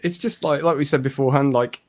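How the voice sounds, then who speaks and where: A man's voice: mid-range voice, fast. A man co-hosting a casual podcast, hesitant and filler-heavy with dry humor. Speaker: podcast co-host.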